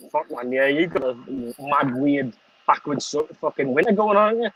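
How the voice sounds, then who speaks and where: A man's voice: a little high, animated, measured pace, fairly bright tone, slightly rough, low-quality recording. A man from Liverpool with a Liverpool accent, chatting casually with friends on a call, swearing constantly and laughing a lot. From Liverpool, England. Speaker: channel host. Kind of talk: casual chat on a video call.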